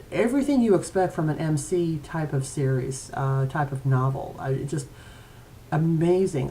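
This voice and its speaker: A woman's voice: sits low, mellow, a little hiss or hum. A woman author chatting casually at home to viewers of her weekly video blog, with many hesitant fillers. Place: at home with her cat nearby.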